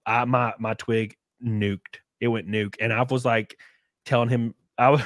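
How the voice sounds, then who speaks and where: A Southern US podcast host chats casually, telling rambling, profane stories packed with fillers and restarts. His mid-range voice moves a little slowly, and the studio-quality recording has no room sound.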